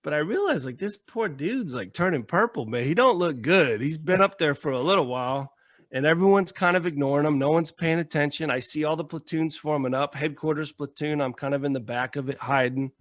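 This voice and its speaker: A man from the United States, a military veteran and podcast guest, telling stories in a casual, animated way, acting out quotes and swearing freely. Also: a little high, a little fast, dry recording. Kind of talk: casual storytelling.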